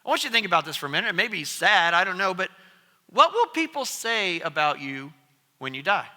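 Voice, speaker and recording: A man preaching a sermon as pastor, telling stories in an animated way. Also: high voice, a little fast. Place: church sanctuary. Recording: long church reverb.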